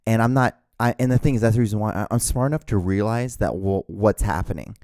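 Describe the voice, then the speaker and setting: A man's voice: fairly low pitch, quick pace, darkish tone, no echo, clean studio sound. A man hosting his own solo podcast, rambling and swearing, with many restarts. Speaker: podcast host.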